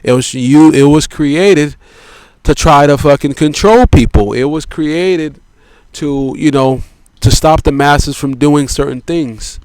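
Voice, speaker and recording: A man delivering a rambling philosophical monologue, profane and repetitive, leaning on filler words and slow, drawn-out emphasis. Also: on the high side, a little mellow, dry recording, clean studio sound. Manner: profane, repetitive, peppered with "you know" and "man".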